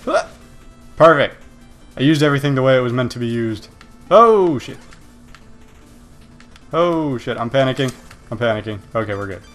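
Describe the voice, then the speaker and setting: A man's voice: medium pitch, fairly quick, soft background music. A man casually commenting on his own gameplay, yelping and swearing at his failures and mocking other gamers. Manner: excitable, yelps and swears at failures. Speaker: let's play gamer.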